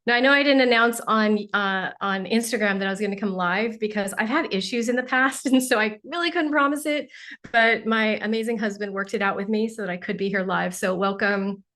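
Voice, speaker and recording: A woman's voice: medium pitch, fairly quick, a bit bright. A woman hosting a casual livestream, effusively greeting viewers as they join, a little sniffly from allergies. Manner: bubbly, effusive, exclaims often. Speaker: livestream host and spiritual teacher.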